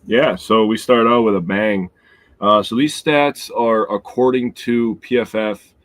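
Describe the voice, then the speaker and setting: Low-ish guy with a cold, stuffy sick voice, lots of uhs while listing stats, dry mic. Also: a little slow, no room sound. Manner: stat-heavy, lots of "uh" fillers, excitable. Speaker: podcast co-host. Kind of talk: casual sports chat. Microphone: remote call.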